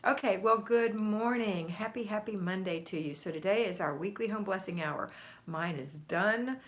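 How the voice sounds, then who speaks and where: A woman's voice: medium pitch, normal speed. Chatty American woman hosting a livestream. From United States. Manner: chatty, reads viewer comments aloud and greets them by name. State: slightly out of breath. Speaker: home organizing coach hosting a livestream. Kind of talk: casual livestream chat.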